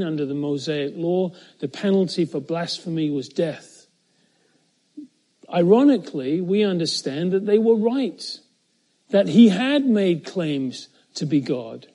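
A middle-aged man preaching verse by verse, with a mellow, darker tone that sits a little high for a man. He is earnest and builds to louder, higher peaks when he quotes a line of scripture, then drops low and quiet to reflect. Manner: earnest, rises in pitch and volume when quoting scripture, dramatic pauses. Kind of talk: expository sermon.

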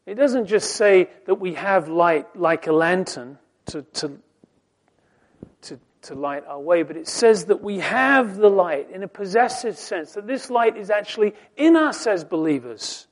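A man preaching a sermon, quoting scripture slowly and deliberately, swinging between soft, dropped phrases and loud, emphatic rising lines. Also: high voice, animated. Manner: slow, deliberate delivery with scripture quotes.

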